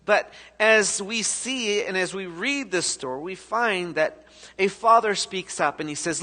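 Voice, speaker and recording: Bright-voiced preacher in an echoey church. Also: male voice, high voice, measured pace. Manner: animated storytelling preacher, swings between loud and soft. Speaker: pastor. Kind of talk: sermon. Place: church sanctuary.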